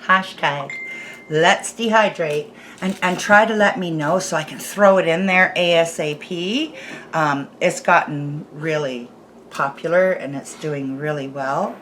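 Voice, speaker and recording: A woman's voice: sits low, unhurried, a bit bright, slight background noise. A woman hosting a home cooking vlog, chatting casually and laughing as she snacks. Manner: chatty, laughing, chewing while talking. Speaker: homestead channel host. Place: home kitchen. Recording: music playing under the voice. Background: background music.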